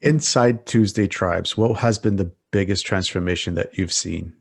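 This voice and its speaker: A man hosting a podcast, asking short, calm interview questions. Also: deep voice, normal speed, gravelly, breathy edge. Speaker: podcast host.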